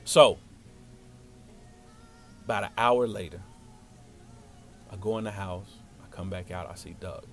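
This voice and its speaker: A man telling a story from his childhood in a casual, slangy, animated way. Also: deep voice, unhurried, pauses often, soft background music.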